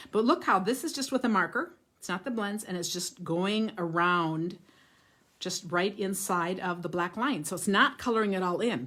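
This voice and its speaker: Hosting a card-making livestream, this woman chats warmly and informally with her audience in a voice that sits a little low. She's enthusiastic and talkative, laughing frequently and reading out viewers' comments as she goes.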